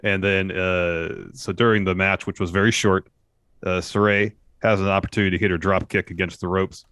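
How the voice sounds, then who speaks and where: Low-voiced man summarizing wrestling. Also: normal speed, clear, resonant tone, no echo, clean studio sound. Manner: steady play-by-play summary from notes, some fillers. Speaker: wrestling podcast co-host. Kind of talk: casual chat recapping a wrestling show.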